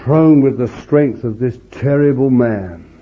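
A man's voice: mid-range voice, measured pace. A man preaching an informal Bible storytelling sermon in a chatty, homely way, with frequent asides to his listeners. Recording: dull lo-fi recording.

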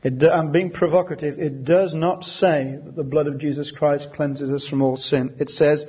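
A man teaches a Bible study group in a husky, somewhat high voice. He reads scripture slowly and weightily, then explains it in an easy conversational way. The recording is dull and lo-fi. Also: fairly even intonation.

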